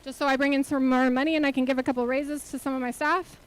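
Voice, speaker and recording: A woman's voice: sits high, level tone, fast talker, rough recording. A woman speaking as a nonprofit CEO giving a motivational conference talk on a stage, earnest and full of rhetorical questions to the audience.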